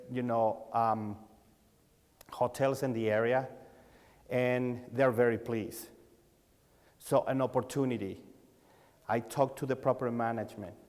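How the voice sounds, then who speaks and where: A medium-pitched man with a Mexican accent, a sales coach addressing a dealer conference, tells stories in a large conference hall. He is an animated storyteller who acts out the dialogue, and his grammar is non-native. The recording carries the long reverb of the big hall.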